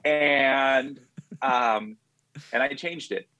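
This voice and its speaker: A man's voice: mid-range voice, very slow, sharp tone, no echo, rough recording. A man in an improvised comedy interview, telling rambling, self-deprecating stories and putting on silly voices.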